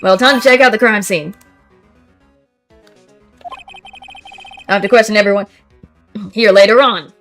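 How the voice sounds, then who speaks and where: Brief: woman voicing eager male cop, shouty, blustering, faint music behind. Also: medium pitch, expressive, quick pace. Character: loud eager male police detective.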